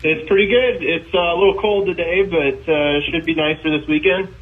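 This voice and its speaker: A man's voice: on the high side, normal speed. A man from Colorado calling in with a question, speaking hesitantly with many fillers. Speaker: caller, restaurant owner. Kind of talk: phone-in question. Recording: tinny phone line.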